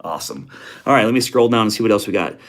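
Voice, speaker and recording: Streaming casually from his home office, a man greets viewers in easygoing slang like "homie" and "brother," sounding laid-back. He's a bit out of breath and talks very fast, with a fairly low pitch and lively intonation.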